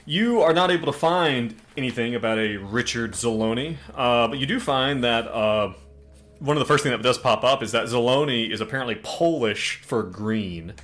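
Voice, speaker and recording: A man running a tabletop game, laid-back and laughing easily. His voice is bright and forceful, in a middle pitch. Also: moderate pace. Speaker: game master.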